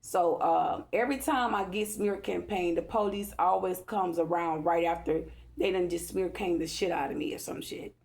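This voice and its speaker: A woman's voice: fairly low pitch, moderate pace, gravelly, darkish tone. A woman talking to her viewers in an agitated, profane, repetitive rant. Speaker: vlogger. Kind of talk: angry rambling monologue to camera.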